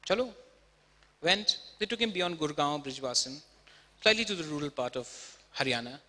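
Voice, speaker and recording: Bright, high-voiced man giving a talk. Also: lively intonation, moderate pace. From India. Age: 30s. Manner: emphatic, rhetorical questions. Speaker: speaker. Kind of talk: TEDx talk. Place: auditorium stage. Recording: reverberant auditorium.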